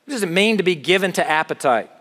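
A man's voice: high-pitched, animated, quick pace, a bit bright. A middle-aged man preaching a sermon, explaining scripture earnestly with touches of light humor. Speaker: pastor. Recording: long reverb of a large hall.

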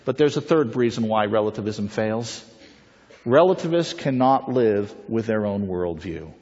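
A man's voice: on the low side, lively intonation, normal speed, darkish tone. A man giving a persuasive public talk, telling stories and putting rhetorical questions to his audience. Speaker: pro-life speaker. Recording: reverberant, dull lo-fi hall recording.

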